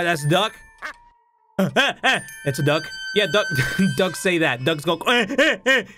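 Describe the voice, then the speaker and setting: A man's voice: fairly high pitch, a bit bright. A young Mexican man with a Mexican accent, hosting a horror game playthrough, jumpy, swearing and switching languages, shrieking when startled. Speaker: gaming host. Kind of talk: excitable horror gameplay commentary.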